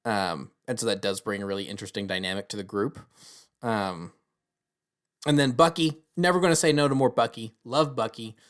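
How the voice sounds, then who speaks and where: A man's voice: fairly low pitch, a little fast, a bit bright, clear, resonant tone. Rambling male film reviewer. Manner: rambling, many restarts and quote-unquote asides. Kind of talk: casual review monologue.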